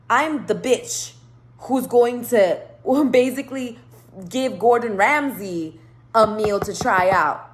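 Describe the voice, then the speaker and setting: A young woman telling a storytime vlog in a casual, profane rant, acting out the people she quotes. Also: fairly high pitch. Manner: animated, profane, acts out quoted lines. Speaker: vlogger.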